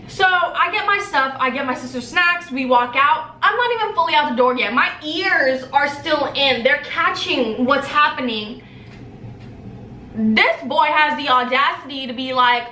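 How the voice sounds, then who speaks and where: A young woman chats straight to camera, telling a story full of swearing and lively put-on voices for everyone in it. Her voice sits high and bright. The sound is roomy and a little distant, with faint ambience behind her. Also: normal speed, slight background noise. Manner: animated, profane, acts out dialogue in quoted voices. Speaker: vlogger. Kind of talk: casual storytime vlog. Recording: roomy echo, a bit off-mic, faint ambience.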